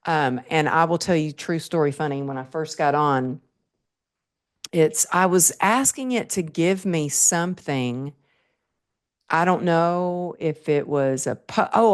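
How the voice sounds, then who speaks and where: A woman's voice: deep voice, clean tone. A middle-aged woman, hosting a podcast interview in a chatty, enthusiastic way. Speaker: podcast host. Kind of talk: casual interview chat.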